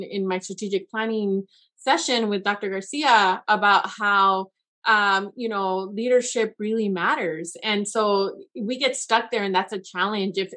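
A woman's voice: mid-range voice, fairly bright tone. A thoughtful woman on a podcast interview. She works through her ideas as she talks, circling back before landing her point. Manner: thoughtful, searching, many fillers and restarts. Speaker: guest, education consultant.

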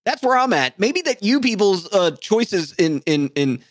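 A man's voice: high voice, very animated, moderate pace, slight background noise. A man co-hosting a podcast, joking around and ranting playfully in casual chat. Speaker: podcast co-host.

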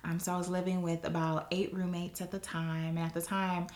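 A woman's voice: lowish voice, a little fast. A woman from Watts, California, telling her personal story as an interview guest, with lots of "um" and "like" and frequent laughter. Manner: animated, full of "um" and "like", laughs often. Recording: roomy echo.

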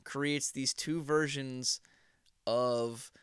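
A man's voice: mid-range voice, fairly even intonation, extremely slow, fairly bright tone, clear, resonant tone, dry recording, clean studio sound. A young man in casual podcast chat, rambling with lots of slang and filler words.

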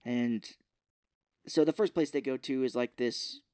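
Casual male podcast co-host, mid-pitched, dry close mic, animated recap with quoted voices. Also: a little slow, smooth, no room sound. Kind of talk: casual movie recap chat.

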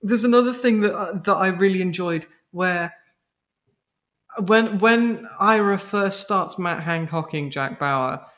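A podcast co-host in casual chat, animated and full of fillers and swearing. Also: medium pitch, unhurried.

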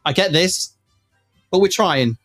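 A man hosts a casual live chat show and rambles freely, full of fillers and false starts. His voice sits a little high. Faint music plays under the talk. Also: lively intonation, slow pace, a bit bright. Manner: rambling, chatty, lots of fillers and restarts.

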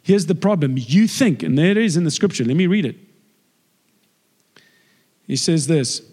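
Male preacher, animated and chatty, slightly high voice, reverberant church hall. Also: moderate pace, slightly rough. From South Africa. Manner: lively, acts out the people in the story. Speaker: guest preacher. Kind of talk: conversational sermon.

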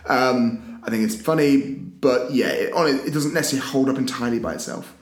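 A man's voice: mid-range voice, a little fast, reverberant. A man co-hosting a podcast in casual chat, hesitant and qualifying as he thinks aloud. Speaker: podcast co-host.

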